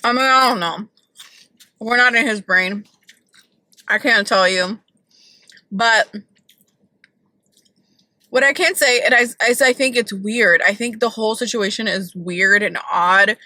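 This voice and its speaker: A woman's voice: medium pitch, a little slow, pauses often, pushed and bright, dry recording, low-quality recording. A woman vlogging from her car, chatting casually and opinionatedly about celebrity gossip with lots of "like".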